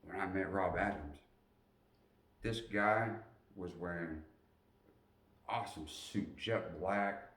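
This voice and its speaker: A man tells a personal story in a very low voice, animated and acting out the people in it. The sound is roomy, with a noticeable echo. The mic sits some distance away. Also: slow pace, pauses often. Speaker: motivational storyteller.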